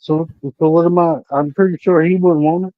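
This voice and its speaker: A man co-hosting a live stream who talks in a relaxed, laid-back way and uses a lot of slang. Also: a little high, normal speed, no room sound, narrow, tinny audio. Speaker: stream co-host. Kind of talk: casual chat. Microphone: streaming mic.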